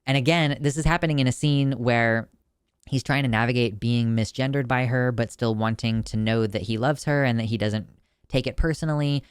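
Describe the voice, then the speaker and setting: In a casual video, a man reviews a film in a chatty, emotional way, full of fillers and restarts. His mid-range voice keeps a fairly even intonation at normal speed, sounding clear and resonant in a clean studio with no room sound.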